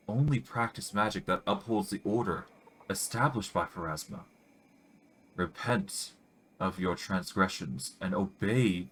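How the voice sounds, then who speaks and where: Man reading as a stern priestess of death, calm, measured, low voice. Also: a little hiss or hum. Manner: solemn, measured.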